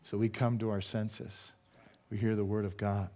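A man's voice: on the low side, level tone, normal speed, mellow. A middle-aged man preaching a sermon as pastor, emphatic and full of rhetorical questions to the congregation.

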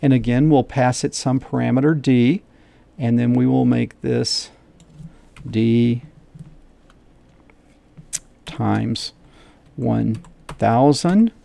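Slow, gravelly middle-aged male teacher. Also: mid-range voice, mellow. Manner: thinks aloud, repeats steps, checks himself. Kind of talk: screen-share coding lesson.

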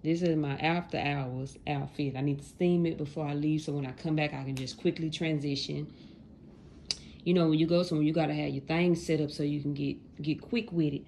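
This is a woman in her late twenties talking casually to her viewers, full of folksy slang. Her voice sits low and has a gravelly, fry-heavy texture. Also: fairly even intonation, fairly quick, mellow, slight background noise. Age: late 20s. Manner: chatty, talks straight to viewers, folksy slang. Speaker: vlogger.

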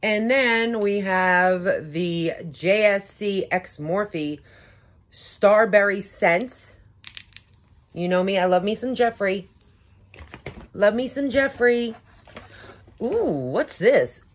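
A young woman beauty vlogger unboxing makeup in a casual vlog, gushing with excitement and gasping over each item. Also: mid-range voice, slow. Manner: gushing, breathless excitement with frequent gasps.

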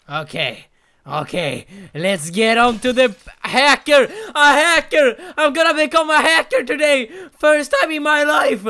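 A young man narrates his own gameplay in a high, bright voice, swinging from wild yelling to muttered asides. He curses at the game and cheers loudly at each small win, in no hurry between outbursts. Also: clean tone. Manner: loud, excitable, yelling and swearing at the game. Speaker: gaming channel host. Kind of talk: let's play commentary.

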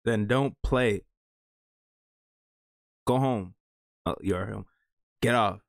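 A young man giving slangy, animated reaction commentary into his camera, swinging from mock outrage to high squeals. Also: very slow, gravelly, no room sound, studio quality. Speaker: meme video creator.

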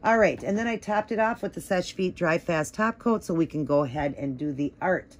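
A woman's voice: fairly low pitch, expressive, fairly quick. A woman giving a casual, rambling tutorial on nail art at home, with lots of fillers as she works. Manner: chatty, rambling, many "like" and "um" fillers.

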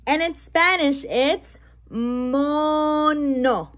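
There's slight background noise as a woman with a high voice reads a bilingual picture book to toddlers. She slowly emphasizes each letter sound and mixes in playful animal sounds.

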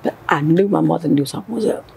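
A middle-aged woman tells her own story as an interview guest. Her voice is gravelly and a little husky. She talks in an emotional, animated way and acts out the lines other people said. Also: sits low, racing, poor audio.

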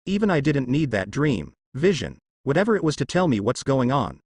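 A man's voice: medium pitch, very animated, normal speed, a little mellow, husky, no echo, studio quality. A man voicing a brash, smug young male ninja in a story read aloud.

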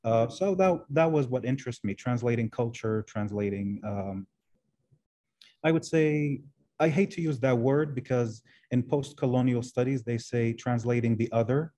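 A man whose first language is Arabic talks as a guest professor in an interview over a video call. His tone is mellow and warm, and he pauses and repeats words while he builds careful, thoughtful answers. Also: mid-range voice. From Arab world. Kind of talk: interview conversation.

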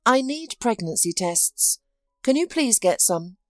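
A woman's voice: a little high, sing-song, unhurried, dry recording, studio quality, soft background music, voice pushed up. A woman reading the lines of a weary, betrayed young wife in a storybook narration, speaking weakly and sadly. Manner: weak, sad, resigned.

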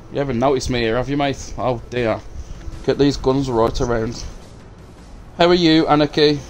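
A man streaming a game live, swearing freely, bantering and taunting his opponents. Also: mid-range voice. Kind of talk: live gameplay commentary.

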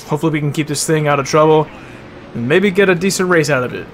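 A man's voice: a little high, quick pace, slight background noise. Young man commentating a racing game. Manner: swears a lot and calls people bro; flares into loud angry rants. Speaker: gaming video host.

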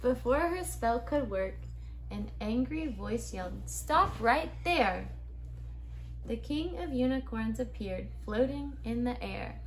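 A woman reads a picture book aloud to her child at home, gentle and expressive in the way of a bedtime story. Her voice sits fairly high and her pace is slow and unhurried. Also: poor audio. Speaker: parent reading to a child.

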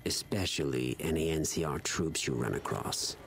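An actor playing a cruel Legion officer who lectures in a measured, contemptuous way, in a video game. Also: male voice, extremely low pitch, gravelly, fairly bright tone, faint music behind, full character voice. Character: cold cruel Legion officer, stern older man.

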